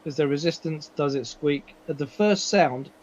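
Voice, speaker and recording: A man's voice: on the high side, moderate pace, background noise. A man playing a tabletop game, polite and inquisitive, asking the game master careful questions. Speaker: player. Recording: dull, lo-fi online audio.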